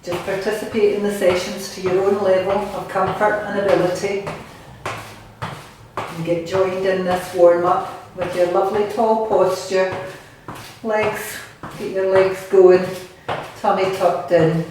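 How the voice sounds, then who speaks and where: Recorded from across a bare, echoey bathroom at home, this Scotland-born exercise coach runs a guided workout, sounding cheery, chatty and encouraging though a touch winded. She speaks at a measured pace in a mid-range voice with little pitch movement. The background is noisy.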